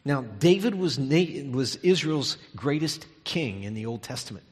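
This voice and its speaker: A man preaching a sermon with emphatic delivery, dropping to soft, near-whispered tones on key words. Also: medium pitch, animated, measured pace, in a large hall.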